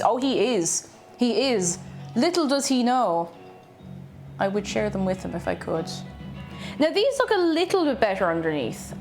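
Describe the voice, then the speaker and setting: An Irish woman chatting casually on a cooking livestream in her home kitchen, reading out chat messages in a chatty, playful way. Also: mid-range voice. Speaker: streamer.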